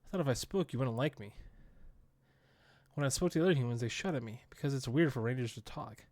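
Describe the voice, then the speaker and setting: A man's voice: medium pitch, animated, fast talker, a little mellow, no room sound, lightly acted. A man voicing a timid young male reindeer while reading a comic aloud, shy and hesitant.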